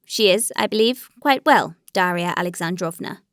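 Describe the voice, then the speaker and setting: A woman reading the part of a stiff, wounded aristocratic husband who speaks in measured, formal, bitter tones. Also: on the low side, no echo, clean studio sound, natural voice. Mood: cold.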